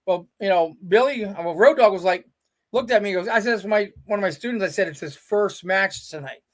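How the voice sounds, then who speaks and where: High-voiced man telling lively stories. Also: fairly quick. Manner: animated storyteller, quotes people in their own voices. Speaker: guest, veteran indie pro wrestler. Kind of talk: casual storytelling interview.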